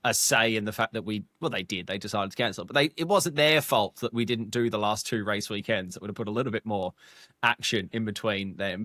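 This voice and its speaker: An excitable male podcast co-host in casual chat, with a jokey, lively banter manner. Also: mid-range voice, no echo, studio quality.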